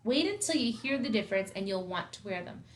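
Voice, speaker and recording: A woman's voice: mid-range voice, lively intonation, fast, slight background noise, close to an everyday voice. A woman voicing a friendly, joking male ear doctor who explains things reassuringly, read aloud from a novel.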